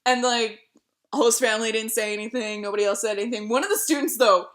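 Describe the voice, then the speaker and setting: High bright-voiced young woman storyteller. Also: quick pace. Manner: animated storytelling, swears freely, laughs often. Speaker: streamer. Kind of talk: casual chat.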